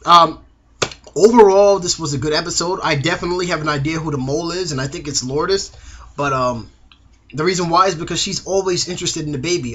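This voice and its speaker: Animated high-voiced young man. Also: brisk, husky. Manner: animated, slangy, acts out characters' lines. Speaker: TV episode reviewer. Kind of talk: casual video review.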